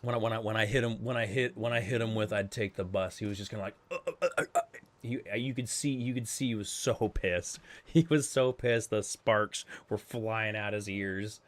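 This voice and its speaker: A man streaming a multiplayer game, chatting casually in a blunt, profane, rambling way, with animated loud riffs and quieter asides. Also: on the low side, moderate pace, few pauses. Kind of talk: casual chat while streaming.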